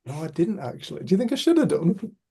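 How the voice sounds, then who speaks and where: A middle-aged man from Cumbria in Northern England, speaking with a Cumbrian accent, facilitates a casual group discussion over a video call. His high voice is dark and husky with vocal fry, big pitch swings and a fast pace. He's chatty and teasing, with the odd swear word.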